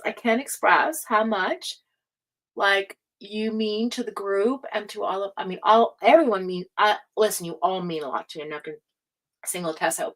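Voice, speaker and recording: A woman's voice: mid-range voice, fairly bright tone. A woman hosting a tarot livestream, chatting casually with viewers in an emotional, rambling way, laughing often. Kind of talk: casual chat reading live comments.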